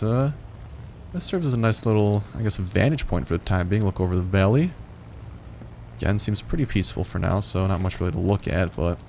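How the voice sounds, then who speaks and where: A man's voice: fairly low pitch, a little mellow, slight background noise. A man casually narrating his own gameplay, talking in a chatty, rambling way full of "like". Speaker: gameplay video host.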